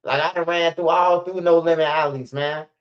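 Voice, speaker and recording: A man's voice: on the high side, steady tone, normal speed. A middle-aged man with a Chicago accent, telling stories in a rambling, profane street-talk monologue. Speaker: storyteller. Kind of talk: casual storytelling monologue. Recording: slightly muffled lo-fi recording.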